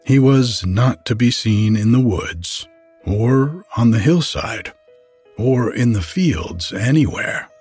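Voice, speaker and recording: A man with a husky voice reading a folk tale aloud in a measured, unhurried storybook style. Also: lowish voice.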